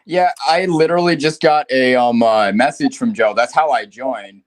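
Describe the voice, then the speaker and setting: A man's voice: medium pitch, normal speed. A man chatting on a casual livestream, sheepish and apologetic, laughing often. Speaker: guest artist.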